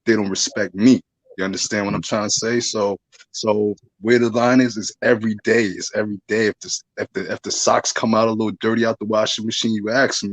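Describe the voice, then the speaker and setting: Low-voiced man giving relationship advice. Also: fairly even intonation, brisk, no room sound, poor audio. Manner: preachy, advice-giving, asks "you know what I'm saying". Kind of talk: casual podcast chat.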